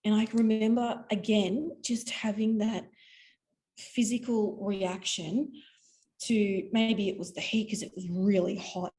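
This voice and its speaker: An Australian woman, a podcast guest, telling a story in a lively, animated way and acting out voices. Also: medium pitch, measured pace, low-quality recording. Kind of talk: storytelling interview.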